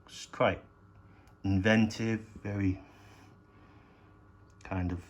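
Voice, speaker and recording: A man with a very deep voice talks through his collection in a loose, halting way, often restarting and swearing in passing. Faint background hiss sits under his voice. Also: fairly even intonation. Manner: rambling, hesitant, swears casually. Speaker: collector showing his DVDs. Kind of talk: casual unscripted show-and-tell.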